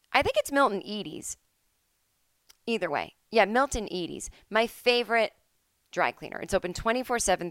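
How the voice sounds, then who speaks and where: A woman hosts a podcast from home, telling comic stories in a relaxed monologue and voicing the people she quotes in changing voices. Her mid-range voice is smooth with a fairly bright tone, recorded at studio quality with no room sound.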